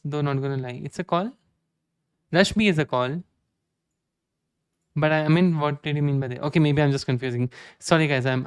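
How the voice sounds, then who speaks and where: Talking casually to viewers on a live coding stream, this man in his twenties often restarts his sentences and pokes fun at himself. His smooth voice is fairly high-pitched, recorded at studio quality with no echo.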